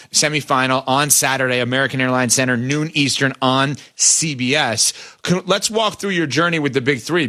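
A man hosting a sports interview show, reading the intro in brisk, clipped fragments before asking his guest questions. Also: medium pitch, pushed and bright. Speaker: sports radio and TV host.

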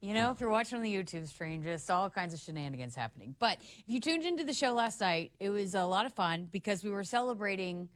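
A young adult woman co-hosting a sports talk show, chatty and quick to laugh. Her voice sits at an ordinary pitch, and the recording is dry and close with no room sound. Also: lively intonation, no room sound. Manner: chatty, laughs often between remarks. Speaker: radio sports show co-host.

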